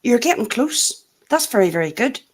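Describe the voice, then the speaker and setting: A woman's voice: a little high, moderate pace, slightly rough. A woman from Northern Ireland with a Northern Irish accent, hosting a casual group chat and laughing often. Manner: laughs often, chatty and animated. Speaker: show host.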